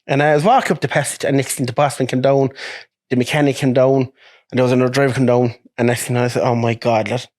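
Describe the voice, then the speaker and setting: A young Irish man, a truck driver, telling lively stories in casual chat, swearing and acting out what others said. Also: medium pitch, fast talker. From Ireland. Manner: animated, swearing, acts out quoted voices with laughs.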